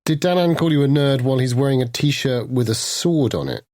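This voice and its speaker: Male player, mid-pitched, rambling, dry sound, faint music. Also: animated, brisk, darkish tone, dry recording. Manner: rambling, self-interrupting. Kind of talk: casual tabletop game chat.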